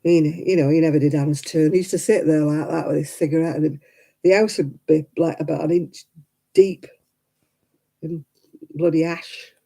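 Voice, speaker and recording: A woman's voice: low-pitched, fairly even intonation, moderate pace, creaky, dark tone, husky, rough recording. An older woman, telling rambling personal stories in casual chat as host of a crafting livestream, full of "you know" asides.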